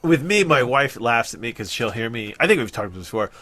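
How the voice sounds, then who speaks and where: A man's voice: medium pitch, big pitch swings, fast talker, a loud crowd. A middle-aged man from New Jersey, co-hosting a podcast in casual, rambling chat, often restarting sentences and laughing. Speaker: podcast co-host.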